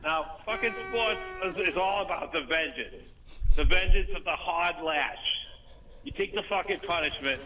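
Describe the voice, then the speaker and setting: Man doing a crude caller, high and sharp, rambling and cursing nonstop. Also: normal speed, rough recording. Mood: ranting. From Boston. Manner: profane, stammering, rambling. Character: crude foul-mouthed Boston man, emotional, rambling. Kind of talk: comedic character call-in.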